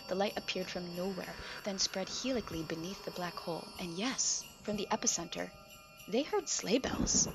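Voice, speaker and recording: Gravelly woman reading a story aloud. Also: medium pitch, poor audio. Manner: lively, dramatic storytelling. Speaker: fiction reader. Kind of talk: audiobook narration.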